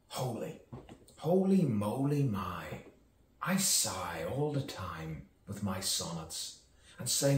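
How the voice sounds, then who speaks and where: A man with a very deep voice muses aloud in slow, theatrical spoken word, his pitch rising and falling a lot. He repeats words and chases rhymes. He sits well back from the mic in an echoey room with faint ambience behind him. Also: recorded from a distance, a little hiss or hum. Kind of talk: improvised spoken-word musing.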